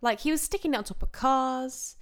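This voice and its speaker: With a high voice and brisk delivery, this young co-host of a film podcast keeps things casual and chatty, laughing frequently.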